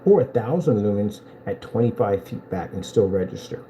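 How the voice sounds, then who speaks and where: A man selling projector screens in a boastful, taunting vlog rant, telling animated stories with big swings in pitch. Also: moderate pace, lo-fi sound, a little hiss or hum. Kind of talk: ranting promotional vlog.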